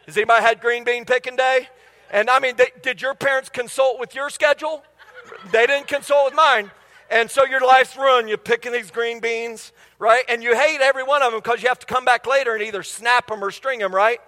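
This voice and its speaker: Middle-aged male pastor, very high and sharp, humorous storyteller, church hall reverb. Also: fairly even intonation, a little fast. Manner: humorous storytelling, quizzing the congregation. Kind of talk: sermon. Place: church sanctuary. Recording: long reverb of a large hall.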